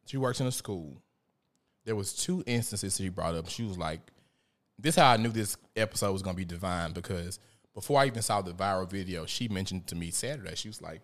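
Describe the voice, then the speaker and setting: A man hosting a casual talk show, telling lively stories, swearing and laughing often. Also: lowish voice, moderate pace. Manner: animated storyteller, profane, laughs often. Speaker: podcast host. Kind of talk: casual conversation.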